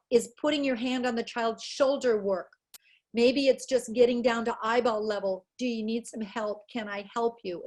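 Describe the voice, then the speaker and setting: A middle-aged woman presenting a webinar on child psychology, talking energetically in quick bursts and acting out quoted dialogue with life. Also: fairly high pitch. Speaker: educational psychologist giving a webinar talk.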